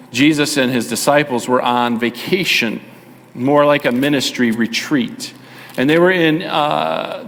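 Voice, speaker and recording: A male pastor preaching a sermon, telling a Bible story with animated delivery and chatty asides to the congregation. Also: mid-range voice. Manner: animated storytelling, acts out the voices. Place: church sanctuary. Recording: long reverb of a church hall.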